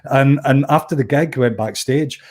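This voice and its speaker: A man's voice: medium pitch, moderate pace. A Scottish man in middle age talks as a guest musician, spinning a story with plenty of false starts. He slips into the voices of the people he quotes, his voice sitting in an everyday middle register. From Scotland. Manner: animated anecdote-telling, acts out quoted voices, frequent restarts. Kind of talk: conversational storytelling.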